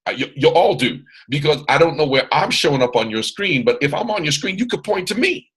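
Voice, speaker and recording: A man's voice: on the high side, lively intonation, a little fast, a bit bright, husky, poor audio. A man leading a motivational training session on a video call, boisterous and strong in his delivery, repeating phrases like a preacher. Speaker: mentor hosting a training call.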